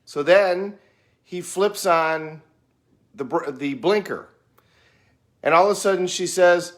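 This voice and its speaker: A middle-aged American man talking in an unhurried, folksy way, musing on life and telling a story with plenty of fillers. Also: high-pitched. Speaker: speaker sharing reflections. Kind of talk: casual reflective monologue.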